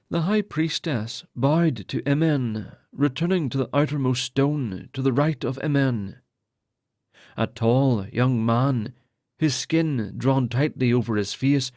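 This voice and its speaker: A man reads an epic fantasy novel aloud in a steady, measured way. His voice sits at a middling pitch, and the recording is dry, with no room sound. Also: dry recording. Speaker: audiobook narrator. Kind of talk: scripted narration.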